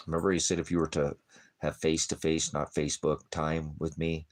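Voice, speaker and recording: A bass voice with a level tone, delivered at normal speed. The man preaches for a small ministry, and his talk is rambling and improvised in livestream fashion, jokey, with breaks to chat with his dog.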